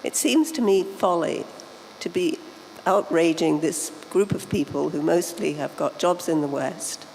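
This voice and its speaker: A journalist speaks up from the audience, her voice gravelly with a touch of fry. She talks in an earnest, measured way, and the long reverb of a large hall trails after her words under a faint hum. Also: low-pitched, darkish tone. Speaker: journalist asking a question. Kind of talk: audience question at a panel. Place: conference hall. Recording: echoey hall with faint background noise.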